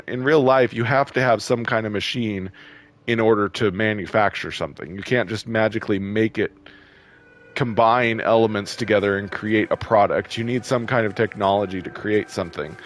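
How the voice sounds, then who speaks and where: Chatty low-voiced man commentating a game. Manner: chatty, quickly irritated, laughs often. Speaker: gameplay video host. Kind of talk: casual gameplay commentary.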